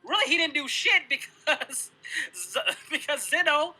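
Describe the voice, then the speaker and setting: A man's voice: very high-pitched, unhurried, rough recording. A man on a casual livestream, arguing his point with energy and swearing freely while answering chat. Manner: animated, argumentative, swears freely. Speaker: streamer answering chat questions.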